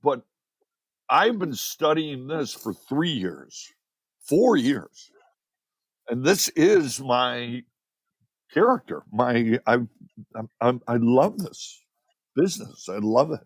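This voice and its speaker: A man in his sixties from Chicago, a podcast guest telling rambling, animated stories. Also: mid-range voice, takes it slowly, long pauses, husky, no echo, clean studio sound. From Chicago, USA. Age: 60s. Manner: animated, rambling, repeats words. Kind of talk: casual storytelling interview. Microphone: podcast mic.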